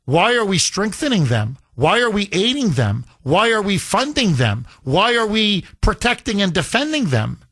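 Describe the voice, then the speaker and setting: A man's voice: high-pitched, big pitch swings, normal speed, hardly any pauses, a bit bright, no echo, studio quality. A man hosting a political talk radio show, speaking emphatically and firing off rhetorical questions. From United States.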